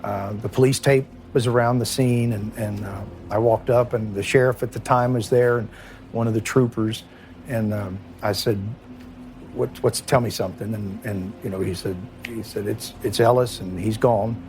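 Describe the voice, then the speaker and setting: A middle-aged man with a Kentucky accent, a former police chief recalling a night in a halting, emotional interview, with many restarts and trailing pauses. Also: lowish voice, fairly even intonation, darkish tone, slight background noise. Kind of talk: recorded interview recollection.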